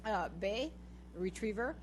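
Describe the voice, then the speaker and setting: A middle-aged woman tells a lively story in a casual podcast chat, breaking into laughter and acting out her own words. Her pitch sits at an ordinary middle level, and a faint hum runs under the voice. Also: measured pace, rough recording. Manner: animated, laughing, acts out her own lines to the dogs. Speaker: podcast host.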